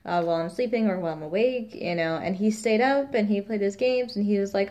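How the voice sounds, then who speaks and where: A woman's voice: mid-range voice, a little fast, a little mellow. A woman, a new mother, chatting casually in a rambling vlog, quoting the people around her.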